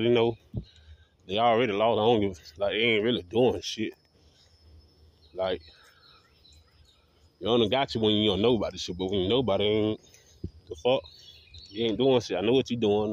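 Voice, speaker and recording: A man's voice: lowish voice, darkish tone, lo-fi sound. A man vlogging in a combative, profane ranting monologue, talking defiantly. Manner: combative, defiant, heavy swearing.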